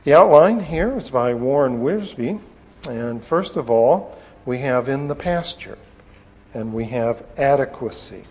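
A man teaching a sermon on scripture, with a slow, deliberate delivery and pauses. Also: mid-range voice, animated, darkish tone. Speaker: preacher. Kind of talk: expository Bible teaching. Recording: long reverb, dull lo-fi sound.

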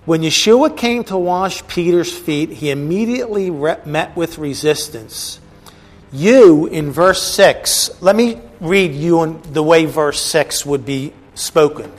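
A man's voice: on the high side, slow. A man teaching a bible class, explaining a passage with casual asides to the listeners. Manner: conversational, asides to the audience.

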